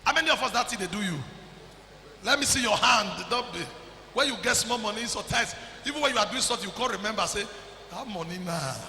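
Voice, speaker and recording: High-pitched shouting preacher, echoey hall. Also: male voice, quick pace, a little hiss or hum. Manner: preaching loudly with frequent shouts and Pidgin asides. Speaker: pastor. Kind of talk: sermon.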